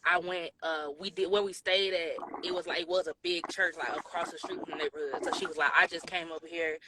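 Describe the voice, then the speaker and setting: A woman's voice: fairly low pitch, fairly quick, background noise. A woman, telling a story on a live show and acting out the voices of the people in it. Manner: animated, acts out quoted voices, Southern US slang. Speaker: podcast co-host telling a story.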